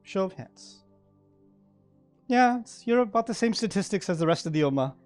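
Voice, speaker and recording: A man giving a sermon-style lecture to a live audience, animated and often checking in with listeners. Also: high-pitched, fast talker, soft background music. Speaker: Islamic speaker.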